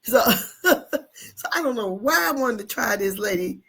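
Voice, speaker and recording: A woman in her fifties telling a childhood story in a casual monologue, animated, with slang, cursing and frequent laughter. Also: a little high, measured pace, vocal fry, husky. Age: 50s. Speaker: online commentator.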